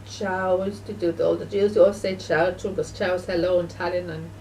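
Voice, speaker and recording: A woman video blogger speaking in a casual, halting way, full of fillers and restarts, and sounding emotional and grieving. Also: on the low side, flat delivery, dark tone, far from the mic, slight background noise, low-quality recording. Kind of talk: casual spoken remembrance.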